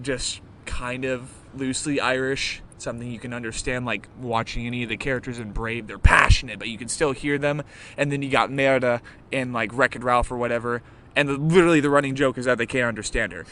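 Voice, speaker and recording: A man's voice: medium pitch, sharp tone, slight background noise. A young man hosting a live podcast interview, talking in a rambling, casual way with lots of fillers and swearing. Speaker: podcast host.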